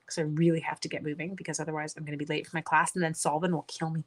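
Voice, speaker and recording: A woman's voice: low voice, flat delivery, very fast, heavy background noise. A middle-aged woman hosting a card-making livestream, chatting casually to viewers and talking herself through each step. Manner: chatty, self-talking while crafting, talks to viewers. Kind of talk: casual livestream crafting chat.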